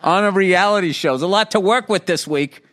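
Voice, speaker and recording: A middle-aged man hosting a podcast, telling a story in casual chat, animated and heavy on swearing. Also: high voice, fairly quick. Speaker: podcast host.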